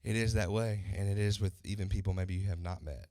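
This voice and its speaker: A man's voice: sits low, fairly even intonation, quick pace, warm tone, dry recording. A man, a country singer, telling stories in a casual interview and acting out the voices he quotes.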